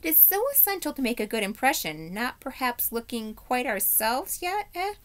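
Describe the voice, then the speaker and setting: A woman's voice: a little high, sing-song, moderate pace, a bit bright, voice pushed up. A woman putting on a vain, pompous talking horse. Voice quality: fussy, haughty, hesitant.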